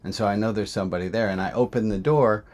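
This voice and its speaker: A man's voice: fairly low pitch, fairly even intonation, quick pace, a little mellow. A man who is a rabbi, telling a candid personal story in a self-reflective way, often restarting his sentences.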